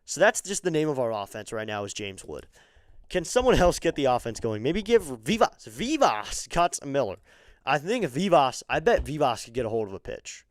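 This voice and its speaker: A man giving excitable live fan play-by-play of a baseball game on his stream, chatting with viewers between pitches. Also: moderate pace, no echo, clean studio sound. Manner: chatty, excitable on big plays.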